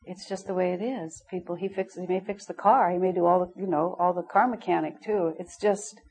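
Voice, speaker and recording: Candid, laughing woman teacher with a lowish voice. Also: fairly even intonation, fairly quick, darkish tone, low-quality recording. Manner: candid, storytelling, laughs often. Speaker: spiritual teacher. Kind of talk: informal spiritual class talk.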